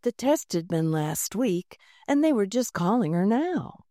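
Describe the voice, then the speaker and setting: A woman narrating a children's storybook in a gentle, unhurried reading voice, lightly voicing the characters. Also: mid-range voice, sing-song, dry recording, clean studio sound. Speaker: audiobook narrator.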